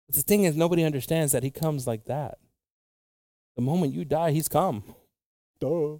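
A male preacher with a slightly high voice, recorded close and dry with no room sound. He drops to a near hush for tender passages, then rises into loud, slow, stretched-out readings of scripture. His delivery stalls often on fillers and restarts. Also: dry recording. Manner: swings between hushed intimate talk and loud, slow, drawn-out scripture reading; halting, with frequent fillers and restarts. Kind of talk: bilingual sermon.

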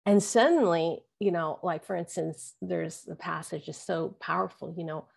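A woman in her forties telling an earnest, halting personal story as an interview guest. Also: fairly low pitch, steady tone, gravelly, a little mellow, husky. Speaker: guest, author and podcaster.

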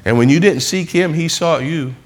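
A man's voice: on the high side, normal speed. A man preaching a sermon in church, building repeated refrains that rise into emphatic passages. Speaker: pastor.

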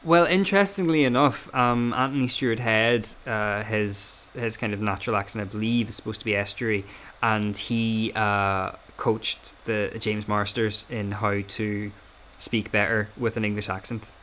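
A man's voice: fairly low pitch, fairly even intonation, normal speed, a bit bright, slight background noise. A man co-hosting a podcast, working through his points in casual analytical chat with many restarts. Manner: talks in repeated restarts. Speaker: podcast co-host.

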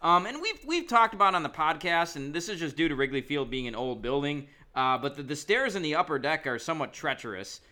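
A young man co-hosting a casual podcast chat, speaking haltingly and repeating words as he starts. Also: fairly high pitch, lively intonation, sharp tone. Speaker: podcast co-host.

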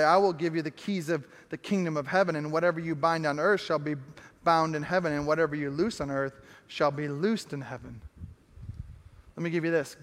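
A man with a high voice preaches to his church, building his points through repetition and slowing right down on the key lines. His voice rings with a long reverb from a large hall. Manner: emphatic preaching with repeated phrases and slowed key lines. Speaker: pastor. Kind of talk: sermon.

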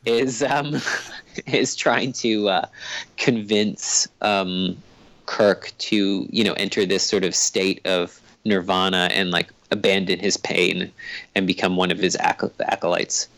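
Low-voiced man in casual podcast chat. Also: fairly even intonation, takes it slowly, creaky, fairly bright tone, no room sound, rough recording. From Canada. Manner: rambling, thoughtful, hesitant with fillers. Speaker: guest, comic creator.

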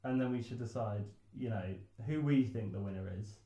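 A man's voice: medium pitch, mellow. A man co-hosting a podcast in casual chat, arguing his points and jumping in with jokes. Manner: argumentative, quick to interject, joking. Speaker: podcast co-host. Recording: echoey room.

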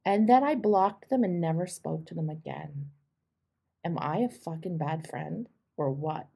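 A woman's voice: deep voice, lively intonation, a little slow, creaky, dark tone, husky. A woman host coaching a caller, telling candid stories with emphatic, direct delivery. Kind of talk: coaching advice on a call.

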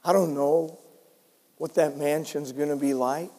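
An older man preaching a sermon as pastor, telling stories and swinging between soft and loud delivery. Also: fairly high pitch, steady tone, measured pace, big-room sound. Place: church sanctuary.

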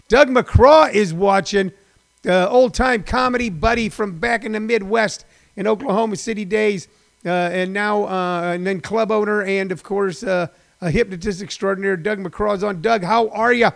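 A man's voice: high voice, fairly even intonation, normal speed, gravelly. A middle-aged man, a former stand-up comic, hosting a casual live stream from home, rambling and chatty with lots of fillers.

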